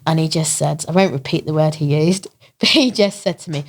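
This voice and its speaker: Animated English woman telling her story. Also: deep voice, fairly quick. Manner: animated, laughs often, acts out quoted voices. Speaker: interview guest, marathon runner. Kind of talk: emotional storytelling in a podcast interview.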